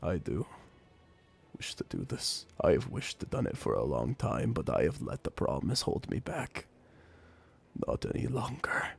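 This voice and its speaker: Man doing a grim, hushed titan warrior. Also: low-pitched, wildly swooping pitch, very fast, creaky, few pauses, husky, faint music behind, pitched below the performer's own voice, exaggerated voice. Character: hulking stern old male titan warrior.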